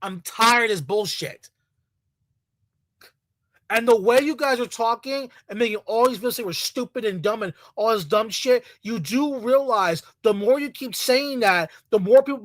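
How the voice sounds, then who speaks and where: A fired-up vlogger delivering a swearing, repetitive rant straight to the audience. The voice sits at a middling pitch in a dry, close-up sound with almost no room around it. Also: moderate pace, a bit bright, no echo. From Latino community in the United States. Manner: angry, profane, repetitive rant. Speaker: video creator. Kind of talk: heated ranting commentary.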